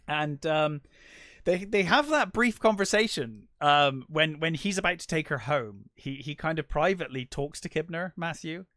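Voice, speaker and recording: A man's voice: fairly high pitch, expressive, moderate pace, pushed and bright, no echo, studio quality. A man co-hosting a casual film podcast, chatting and quoting scenes. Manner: chatty, quotes film lines in his own voice. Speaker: podcast co-host.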